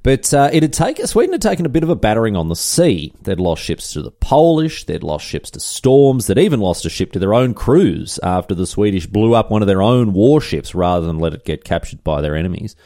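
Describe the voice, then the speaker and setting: Man, podcast host, comic history storytelling, very animated delivery, dry close sound. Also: on the low side, a little fast, hardly any pauses, no room sound. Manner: irreverent, chatty asides and swearing.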